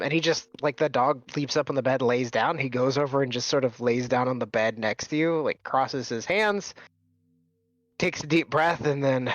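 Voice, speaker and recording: A man's voice: mid-range voice, a bit bright, no echo. A man running a tabletop game as game master, narrating casually with many fillers. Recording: dull, dry recording.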